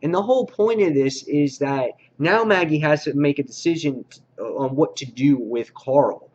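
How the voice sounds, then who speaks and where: A man's voice: on the high side, normal speed, darkish tone, dull audio. A man hosting a casual comic book review, talking loosely with many filler words.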